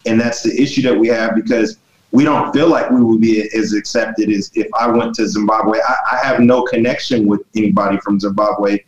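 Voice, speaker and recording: A man's voice: on the low side, fairly even intonation, normal speed, roomy sound, highs cut off, a crowd in the background. A man from the United States, hosting a casual group discussion in long, rambling thoughts.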